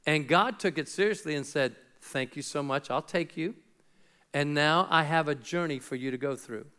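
A middle-aged male pastor delivers a sermon in a conversational, animated way, slipping into quick acted-out exchanges. His voice sits high for a man, bright and smooth, with a clean clear tone.

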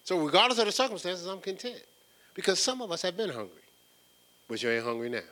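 A man preaching in a casual, conversational way, teaching from scripture with slangy phrasing and repeated words, building up excitement as he goes. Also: sits high, fast. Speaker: preacher leading a Bible study. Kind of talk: conversational sermon.

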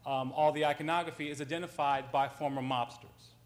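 A man's voice: on the high side, steady tone, brisk. A man on a panel, a writer, telling an anecdote in a conversational way, with frequent ums and self-corrections.

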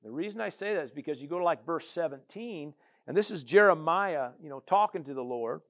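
A man's voice: on the high side, lively intonation, brisk, fairly bright tone. A man preaching a sermon as a pastor, with a conversational style full of "you know" and "amen".

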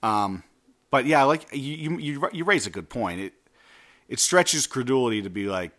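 A man's voice: medium pitch, lively intonation, normal speed, fairly bright tone. A man co-hosting a casual TV recap chat, talking in a loose, profane and analytical way with many fillers.

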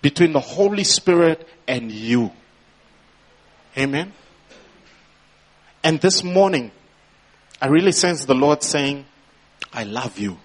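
A man preaching a sermon at a slow, deliberate pace, his voice sitting a little high for a man. He is a pastor addressing his church, leaning into emphatic rising phrases and turning often to the congregation. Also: expressive.

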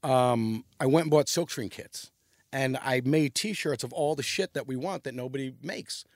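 A man's voice: medium pitch, moderate pace, no room sound, clean studio sound. Profane New man telling stories. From New York. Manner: animated, profane, rambling storytelling. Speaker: podcast guest. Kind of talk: casual storytelling chat.

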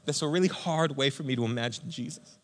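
A man pastor giving a conversational, energetic sermon, speaking to listeners as friends. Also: mid-range voice, fast talker.

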